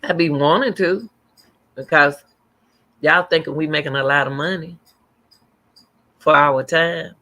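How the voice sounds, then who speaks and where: A woman's voice: deep voice, a little slow, pauses often, pushed and bright. A middle-aged woman hosting a livestream, chatting casually and rambling as she answers viewer comments aloud. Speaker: livestream host.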